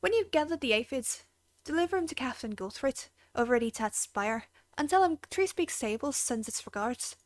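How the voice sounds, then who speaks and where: A woman's voice: high-pitched, animated, normal speed, no echo. A woman voicing a chatty game stable keeper in a put-on Irish accent, with folksy, rambling delivery.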